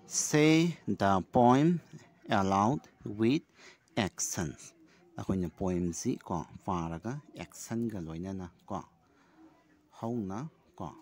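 This teacher speaks slowly, in a low, deep voice with a Manipuri accent. He reads a children's poem aloud, then explains it line by line in a mix of English and Manipuri. His delivery is patient and deliberate. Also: a little mellow. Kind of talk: classroom lesson video.

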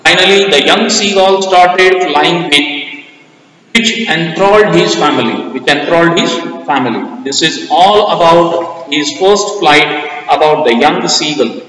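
High, bright Indian English teacher in echo. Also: male voice, unhurried. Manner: methodical, plain classroom reading. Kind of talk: reading out questions, answers and word meanings. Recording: echoey hall, voice far from the mic.

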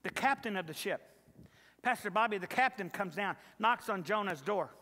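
A man's voice: high-pitched, animated, normal speed, sharp tone. A male pastor preaching a sermon, telling a story emphatically and repeating words for emphasis. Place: church sanctuary. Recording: echoey church sanctuary.

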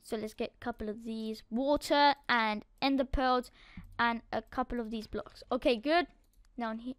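High bright excitable woman gamer. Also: normal speed, no room sound, clean studio sound. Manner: excitable, swings from muttering to loud outbursts. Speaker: gaming YouTuber. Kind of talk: live game commentary.

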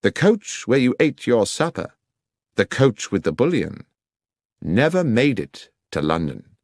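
A man voicing a brisk, incisive male detective in an audiobook, with crisp, precise diction. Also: medium pitch, very animated, no room sound, studio quality, pitched above the performer's own voice. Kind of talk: audiobook character reading.

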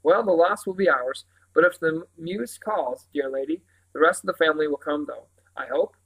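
A man voicing a smooth, overly polite gentleman with old-fashioned courtesy, in a storybook reading. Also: fairly high pitch, moderate pace, rough recording. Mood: courteous.

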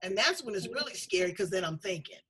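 A woman's voice: mid-range voice, animated, fast talker, fairly bright tone, a little hiss or hum, rough recording. A middle-aged woman hosting a talk show, chatting in a candid, folksy, emphatic way. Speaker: show host. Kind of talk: casual talk-show conversation.

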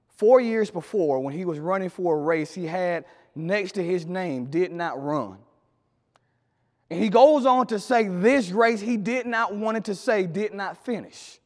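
Preacher with big swings in a hall. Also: male voice, expressive, normal speed. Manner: swings between loud emphatic lines and quiet low drops. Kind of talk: sermon. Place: church sanctuary. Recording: long hall reverb.

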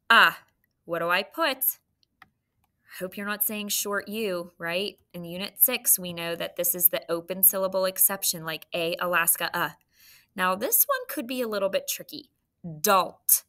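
An adult woman teacher giving a recorded phonics lesson, dictating slowly and prompting students with questions. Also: mid-range voice, bright, forceful tone.

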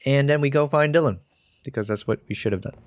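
A man's voice: medium pitch, quick pace, no echo. A man casually talking through a video game as he plays, joking at himself and getting worked up at the screen. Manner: excitable, jokey, talks to himself while playing. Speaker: gaming streamer. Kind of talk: casual let's-play commentary.

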